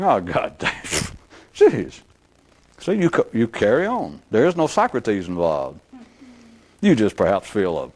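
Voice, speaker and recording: An animated, rambling male lecturer. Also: medium pitch. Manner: animated, rambling, acts out quoted voices. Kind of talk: unscripted philosophical lecture.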